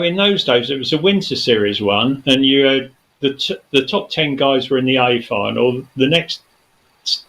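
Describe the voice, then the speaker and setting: A man's voice: mid-range voice, sharp tone, poor audio. A man, a studio guest telling a long story in casual chat, rambling with many fillers and restarts.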